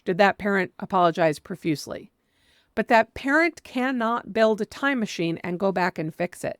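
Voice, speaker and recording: A woman's voice: mid-range voice, a bit bright, no room sound, clean studio sound. A woman parenting coach giving earnest, direct advice, sometimes acting out what a parent might say with emphasis. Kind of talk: advice monologue.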